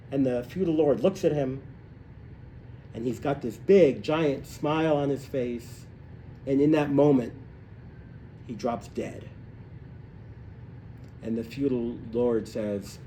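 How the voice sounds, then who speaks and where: Male class teacher, animated storyteller, slightly high voice, live room with faint ambience. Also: measured pace, creaky, long pauses, a little hiss or hum. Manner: animated, acts out voices in stories, rises in pitch when excited. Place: hotel room, recorded live.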